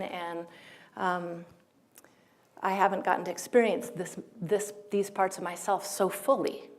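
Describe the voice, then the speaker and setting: An American woman giving a spiritual talk to an audience, gentle and unhurried, laughing often and sometimes dropping to a near whisper. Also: on the low side. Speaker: speaker at a healing talk.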